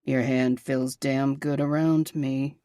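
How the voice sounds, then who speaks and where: A woman voicing a possessive young man, murmuring low and intimately in a romance audiobook. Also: level tone, slow, dark tone, no echo, clean studio sound.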